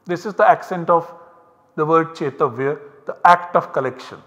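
A man's voice: on the high side, normal speed, fairly bright tone, in a large hall. A man giving a university lecture, explaining step by step in a methodical way and repeating key points.

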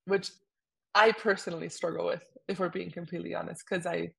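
A woman's voice: lowish voice, fast talker, gravelly, slightly rough. A young woman co-hosting a podcast, talking casually and animatedly with lots of fillers. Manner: animated, chatty, many fillers. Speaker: podcast co-host. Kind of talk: casual conversation.

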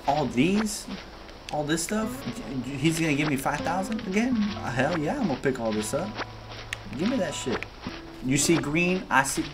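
Excitable man, casual let's-play commentary, slangy, game music in the background. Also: on the high side. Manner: excitable, talks to viewers as "y'all", slangy. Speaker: gaming video host.

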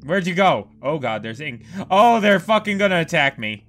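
A man giving let's play commentary on a horror game, excitable and prone to profane outbursts. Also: a little high, normal speed. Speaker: gameplay commentator.

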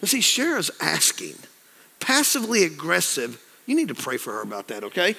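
A man in his fifties preaches in a long-echoing church hall. His voice sits high and gravelly. He tells folksy stories and acts out other people's voices as he goes. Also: huge pitch swings, brisk, sharp tone. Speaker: pastor. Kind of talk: sermon. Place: church sanctuary.

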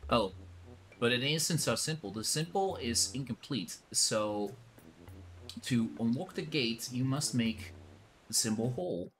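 A man's voice: mid-range voice, a bit bright, natural voice. A man voicing an old, drowsy male tree-spirit hermit in a put-on old-man accent, rambling like a conspiratorial storyteller.

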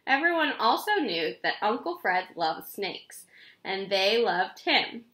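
A woman reading a children's chapter book aloud in an expressive, animated way. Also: mid-range voice, takes it slowly, echoey room. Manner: expressive, animated read-aloud with character voices.

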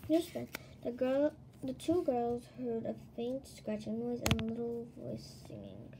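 A woman reading a children's chapter book aloud in an expressive, animated way. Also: on the high side, measured pace, noisy background. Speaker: storybook reader.

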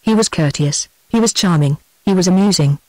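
A woman's voice: lowish voice, brisk, no room sound, low-quality recording. Synthetic British woman narrator, dry sound. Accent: British English. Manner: even, steady machine reading. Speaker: audiobook narrator.

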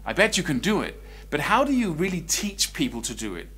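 A man teaching an online guitar lesson, explaining expression in a lively, conversational way. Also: a little high, brisk. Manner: animated, swings between quiet and loud speech to demonstrate.

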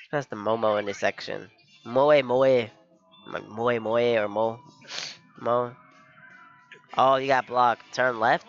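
A man's voice: mid-range voice, a bit bright, muffled recording. A young man giving casual reaction commentary on an anime episode, laughing often and calling everyone "bro".

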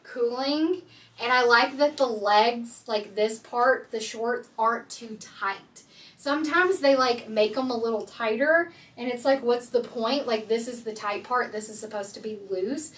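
A woman vlogger from Canada talks casually through a try-on haul, candid and quick to joke. Her voice sits a little high and sounds bright and forward. She is recorded from a bit of a distance, a step back from the camera mic. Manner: chatty, candid and joking.

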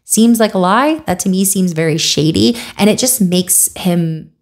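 A woman's voice: on the low side, moderate pace. Woman, casual commentary vlog, conversational, wry, lots of fillers. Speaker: video creator.

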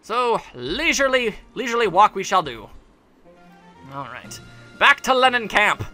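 A man's voice: sits high, sing-song, measured pace, pushed and bright, soft background music. A man giving casual let's play commentary, rambling and sarcastic, joking at the game's characters.

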